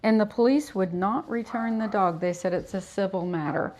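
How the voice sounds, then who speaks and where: At the grooming salon, a middle-aged groomer keeps up relaxed livestream talk while she works, soothing the dog and sharing anecdotes. Her mid-range voice is a little mellow and moves at normal speed, with slight background noise.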